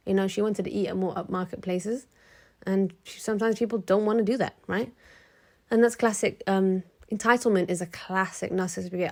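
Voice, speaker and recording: A woman's voice: mid-range voice, brisk. Frank, chatty woman vlogger. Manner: frank and chatty, many restarts; animated, acts out quoted people. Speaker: motivational vlogger. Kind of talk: casual talk to camera.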